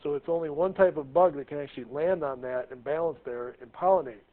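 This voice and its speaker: A man's voice: fairly high pitch, quick pace. A man teaching a biology class, chatty and jokey, often asking the students questions. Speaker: high school biology teacher. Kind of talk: classroom lecture. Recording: tinny lo-fi classroom recording.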